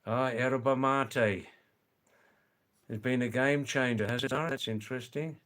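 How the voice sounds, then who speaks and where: A man's voice: medium pitch, steady tone, unhurried, a bit bright. A man with an Australian accent hosting a casual live stream, chatting and reading viewer comments aloud. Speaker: livestream host reading chat.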